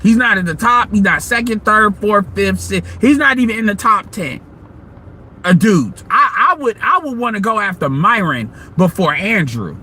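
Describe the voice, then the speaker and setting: A man's voice: sits high, animated, moderate pace, sharp tone, slight background noise. A man hosting an online audio room, ranting bluntly and profanely in casual commentary.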